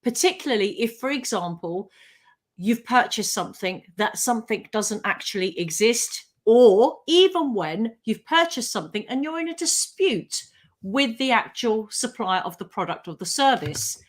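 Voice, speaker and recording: A woman, a legal expert on a live radio talk show, explaining consumer rights in a clear, measured way. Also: a little high, expressive.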